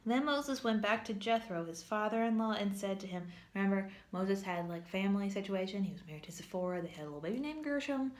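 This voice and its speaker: A woman's voice: medium pitch, quick pace, few pauses. A woman giving a casual, humorous Bible lesson at church, chatty and full of filler words. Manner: chatty, humorous, says "like" a lot. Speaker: church teacher.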